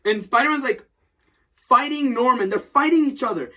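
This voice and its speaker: A podcast co-host recaps a comic book in casual chat, acting out quotes and swearing freely. Her voice is high-pitched, bright and forceful, at a normal speed.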